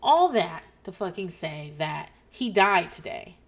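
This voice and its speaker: A middle-aged woman talks on her podcast in a loose, rambling way, swearing freely as she drifts off track. Her voice sits a little low for a woman. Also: sing-song, measured pace, vocal fry. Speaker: podcast host. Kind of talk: casual chat.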